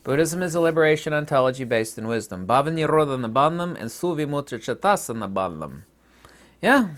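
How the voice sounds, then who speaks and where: Male video lecturer, combative and emphatic, very lively pitch. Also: brisk. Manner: emphatic and combative, swinging between loud outbursts and low asides. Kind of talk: impassioned monologue to camera.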